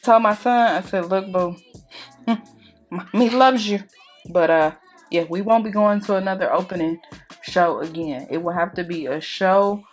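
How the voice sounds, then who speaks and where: A woman's voice: on the low side, a little slow, faint music behind. Chatty young woman telling a storytime. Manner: animated storytelling, acting out quotes with shouts. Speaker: beauty vlogger. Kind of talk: casual storytime chat while doing makeup.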